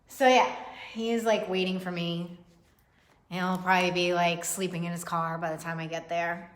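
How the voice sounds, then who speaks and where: A woman's voice: fairly low pitch, little pitch movement, normal speed. A young woman giving a casual livestream tarot reading, chatty and profane, laughing often and greeting viewers by name. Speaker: tarot reader.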